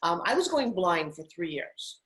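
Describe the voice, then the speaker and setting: A middle-aged woman, a TV host and spokesperson, telling animated stories as an interview guest. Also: fairly low pitch, poor audio. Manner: animated, rapid anecdotal telling. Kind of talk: casual interview storytelling.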